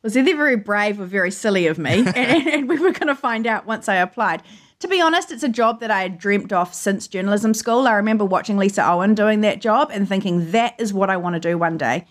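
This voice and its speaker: A woman's voice: mid-range voice, expressive, brisk. A woman, a journalist telling personal stories in an earnest, emotional way during an interview from her home. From New Zealand. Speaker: journalist guest. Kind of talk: remote interview, personal storytelling.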